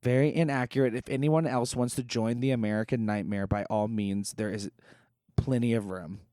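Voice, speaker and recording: A man's voice: medium pitch, steady tone, moderate pace, warm tone, no echo, clean studio sound. A man in casual podcast chat, talking in an exasperated, profane way and often breaking into laughter. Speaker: podcast co-host.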